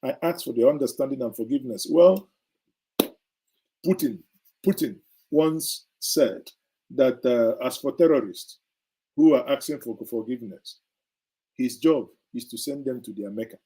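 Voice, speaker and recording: A man's voice: medium pitch, unhurried, long pauses, mellow, breathy edge, poor audio. A middle-aged man gives indignant, sarcastic political commentary as a show host, hammering his points with emphatic repetition.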